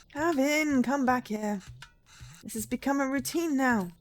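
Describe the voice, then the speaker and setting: A woman reading the lines of a young mother in a story game, brisk and motherly. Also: high-pitched, pitched above the performer's own voice. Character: caring young mother, calm and gently firm.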